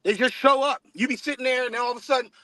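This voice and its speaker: A man's voice: very high voice, steady tone, quick pace, crowd noise. A man co-hosting a podcast in casual chat, blunt and profane, telling rowdy stories. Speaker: podcast co-host.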